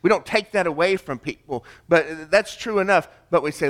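A male pastor preaching with a somewhat high voice. He delivers his sermon emphatically, rising to loud declarations and then dropping to a hush. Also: moderate pace, few pauses. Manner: emphatic preaching, swings between loud and hushed.

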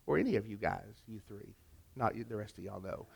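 A middle-aged pastor preaching a sermon, pressing his listeners with rhetorical questions and dropping into quiet storytelling. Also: fairly low pitch, brisk, vocal fry, breathy edge.

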